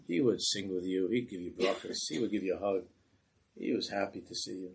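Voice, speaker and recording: A man delivers a sermon as a lively story and acts out its characters. His voice sits low and sounds very husky and raspy. Gravel creaks through the ends of his lines. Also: poor audio.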